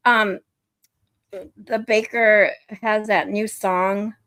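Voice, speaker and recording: A woman's voice: mid-range voice, steady tone, very slow, fairly bright tone, no room sound, clean studio sound. A woman hosting a livestream, chatting casually, laughing often and swearing freely. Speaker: livestream host. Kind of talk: casual chat, profane.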